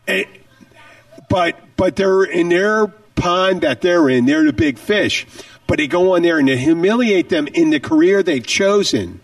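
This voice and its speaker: A man's voice: sits high, big pitch swings, unhurried, no room sound, studio quality, far from the mic. A man hosting a podcast, talking animatedly and profanely as he jumps between tangents. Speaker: podcast host. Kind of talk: casual podcast chat.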